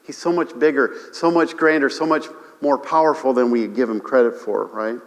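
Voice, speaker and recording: A man preaching a sermon to his congregation, animated, often repeating himself and calling for amens. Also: mid-range voice, normal speed, big-room sound. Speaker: pastor. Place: church sanctuary.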